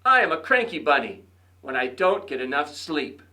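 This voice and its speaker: A man's voice: on the high side, sing-song, moderate pace, sharp tone, heavily acted. A man doing a grumpy storybook rabbit. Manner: grumbling, complaining. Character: grumpy, cranky male rabbit who dreads spring. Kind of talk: storybook read-aloud.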